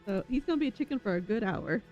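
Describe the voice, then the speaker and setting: A tabletop game player chatting casually, excitable and quick to laugh. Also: medium pitch, highs cut off, music in the background.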